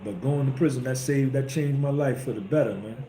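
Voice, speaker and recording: A podcast host tells a story in a casual monologue, his mellow mid-range voice moving a little fast. He talks bluntly and emphatically, in a preachy street style. The room is echoey, with a faint hum in the background.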